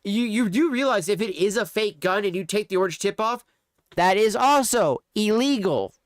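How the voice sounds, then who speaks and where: A man's voice: sits high, expressive, normal speed, no echo, clean studio sound. A man on his livestream, ranting angrily and sarcastically, swearing heavily. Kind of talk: angry livestream commentary. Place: home streaming setup.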